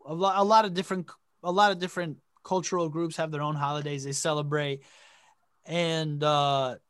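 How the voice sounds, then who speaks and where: A man's voice: a little high, fairly bright tone, no room sound. A young man from Connecticut chatting casually on a podcast, rambling with lots of filler words and casual swearing. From Connecticut, USA. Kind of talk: casual chat.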